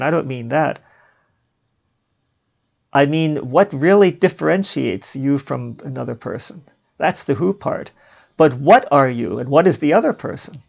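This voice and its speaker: A man hosting a podcast, musing on philosophy in a relaxed monologue and chuckling at his own asides. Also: a little high, vocal fry. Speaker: podcast host. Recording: dull lo-fi home recording.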